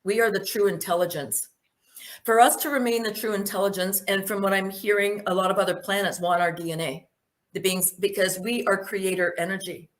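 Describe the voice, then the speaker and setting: Woman presenter, emphatic, rhetorical questions, medium pitch, conversational talk. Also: steady tone, fairly quick. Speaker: speaker giving a presentation. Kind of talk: spoken presentation with Q&A.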